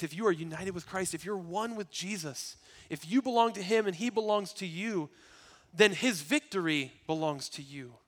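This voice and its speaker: A man with a somewhat higher voice preaches a sermon. He is earnest throughout and swings from loud, emphatic lines to hushed, quiet ones. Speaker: pastor.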